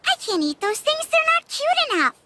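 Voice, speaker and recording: Mia, a squeaky, bubbly little girl. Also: sing-song, fairly quick, pushed and bright, full character voice. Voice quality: squeaky, sing-song. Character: cheerful little village girl, bubbly and excitable. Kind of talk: anime English dub. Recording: soundtrack music behind.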